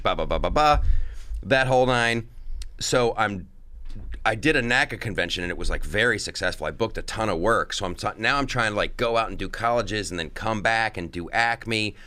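Male comic guest, expressive storyteller with a bright, sharp tone, on a dry recording. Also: on the low side, no room sound. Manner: animated, acts out impressions. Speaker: comedian guest. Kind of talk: casual interview storytelling.

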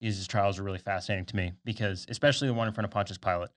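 Fast-talking young man on a podcast. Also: fairly low pitch, steady tone, a bit bright. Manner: earnest, explains at length with side notes. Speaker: podcast co-host. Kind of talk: casual faith podcast chat. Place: podcast studio.

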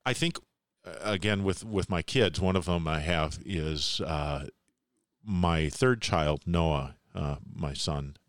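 A middle-aged man co-hosting a podcast in casual chat, telling stories in an animated way and laughing often. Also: deep voice, slow, dry recording, clean studio sound. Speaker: podcast co-host.

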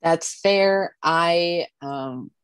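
A woman with a lowish voice hosts a casual interview, laughing often and poking fun at herself. Her sound is close and dry. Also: drawn-out words, clean tone, no room sound. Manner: laughs often, self-deprecating. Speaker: podcast host.

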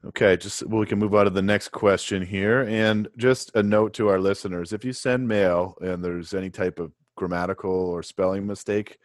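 A man co-hosting a podcast, chatting casually with dry, deadpan self-mocking humor. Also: on the low side, moderate pace, few pauses, no echo. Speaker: podcast co-host. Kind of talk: casual chat.

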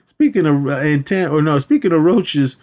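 A man putting on a loud, flashy, boastful security guard from a comedy film, with a high, scolding voice. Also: animated, normal speed, close to an everyday voice. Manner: brash, high-pitched scolding.

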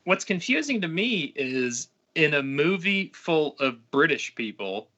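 A man's voice: fairly high pitch, very animated, measured pace, pushed and bright, lo-fi sound. A man co-hosting a casual movie review chat, emphatic and exasperated. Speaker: podcast co-host.

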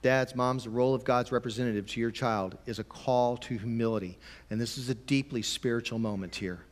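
A man preaching a conversational sermon, sometimes emphatic and sometimes dropping to a quiet, low voice. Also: steady tone, a little fast, big-room sound. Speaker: pastor.

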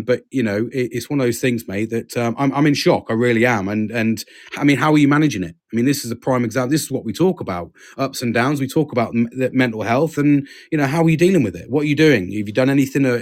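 A man hosting a podcast, talking earnestly in a halting, casual way and swearing freely. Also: medium pitch. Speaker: podcast host. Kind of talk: casual chat.

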